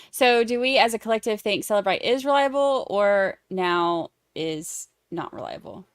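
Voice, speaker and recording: A woman's voice: mid-range voice, expressive, a little slow, clean tone, dry recording, studio quality. A woman hosting a casual livestream, chatting with viewers in a snarky, laughing way. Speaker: livestream host. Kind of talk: casual chat with live chat.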